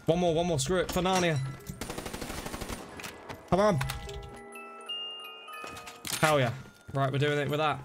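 A man streaming a zombie shooter game, chattering excitably and joking around in silly put-on voices. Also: on the high side, measured pace, long pauses. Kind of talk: live gameplay commentary. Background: game music and gunfire.

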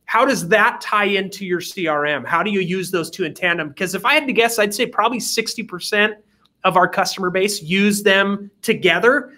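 Male podcast host, high bright voice, measured and affirming. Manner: measured, affirming, asks follow-ups. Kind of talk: interview hosting.

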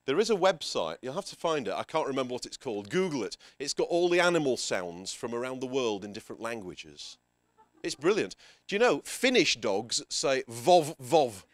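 A man presenting a workshop to a room of teachers, energetic and playful, giving instructions and making quick asides to the audience. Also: mid-range voice, dry recording. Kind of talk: lively workshop talk to teachers. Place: conference room with a live audience.

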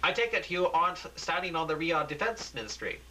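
A man's voice: on the high side, very animated, fairly quick, bright, forceful tone, slight background noise, voice pushed up, rough recording. Michelle, a man voicing an anxious female news anchor. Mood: questioning. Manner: urgent, pleading.

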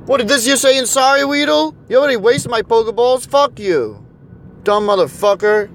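A man's voice: extremely high pitch, normal speed, fairly bright tone. A man with a New Jersey accent and a sore throat, ranting with constant cursing in a car as he plays a phone game, recorded on a phone. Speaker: channel host. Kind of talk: profane rant while playing a phone game in a car. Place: car, on city streets.

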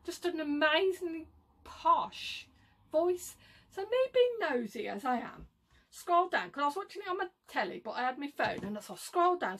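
A woman with a broad Brummie accent chats straight to her viewers, her voice sitting high and bright. She rambles from one aside to the next, gossipy and unpolished, and laughs easily as she goes. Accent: Birmingham (Brummie). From Birmingham, England. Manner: rambling, gossipy, laughs often, many "like, you know" asides. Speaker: reseller vlogger. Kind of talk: casual chatty monologue.

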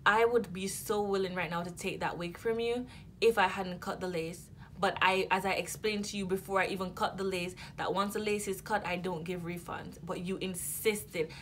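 A woman telling a casual storytime to her channel, animated and rambling, with many fillers and restarts. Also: lowish voice, a little hiss or hum.

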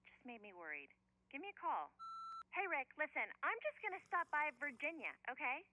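A worried cartoon ex leaving anxious, rambling voicemails. Her tone is bright and animated, and she comes through as voicemail playback. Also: high-pitched, fairly quick, no room sound, heavily acted, poor audio.

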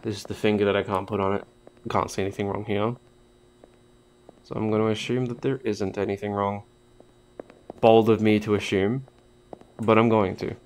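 A gaming YouTuber with a fairly low voice narrates his own play in a loose, jokey let's-play style, swearing freely and talking straight to the on-screen characters. His pitch barely moves, he talks at normal speed, and he leaves long pauses.

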